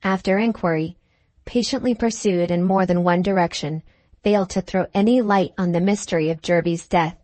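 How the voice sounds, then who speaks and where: A woman reading a classic novel aloud as an audiobook narrator, in a measured, dramatic manner. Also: lowish voice, fairly even intonation, a little mellow, dry recording. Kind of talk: scripted narration.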